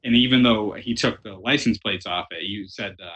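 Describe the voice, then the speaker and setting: Low-voiced sarcastic man. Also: moderate pace, a bit bright, breathy edge. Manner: sarcastic, profane, dry complaints. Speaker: podcast co-host. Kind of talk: casual movie review chat.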